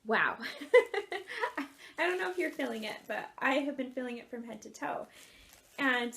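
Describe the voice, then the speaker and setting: A woman in her thirties tells a personal story with earnest warmth and lively energy. Her voice sits high, and she laughs easily as she talks. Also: fairly quick, gravelly. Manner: earnest, animated, laughs often. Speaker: author and life coach.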